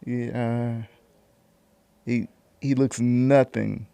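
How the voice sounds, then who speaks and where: A man's voice: mid-range voice, level tone, extremely slow, vocal fry, mellow, clean tone, no echo. A man co-hosting a talk show, telling a story hesitantly with many ums. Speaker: co-host. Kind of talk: casual chat.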